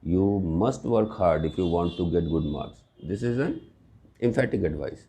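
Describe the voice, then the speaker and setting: A man's voice: low voice, expressive, unhurried, mellow, slight background noise. A man teaching English grammar in a recorded lesson, explaining patiently with examples and often checking with "right?".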